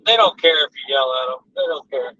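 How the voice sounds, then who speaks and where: A man's voice: medium pitch, expressive, a little fast, sharp tone. A man vlogging from a moving car, rambling through casual chat and stories. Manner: rambling, chatty storytelling. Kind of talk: casual chat while driving. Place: car on a highway. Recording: distant, dull in-car recording with road noise.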